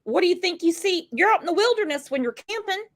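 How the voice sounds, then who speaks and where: A woman's voice: very high-pitched, lively intonation, fast talker. A woman hosting a true crime commentary, talking casually with sarcastic, mocking asides.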